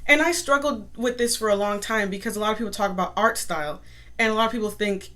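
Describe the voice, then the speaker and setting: A young woman and artist talking to camera in a casual, upbeat motivational vlog, chatty and quick to laugh. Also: mid-range voice, a bit bright. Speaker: artist and content creator.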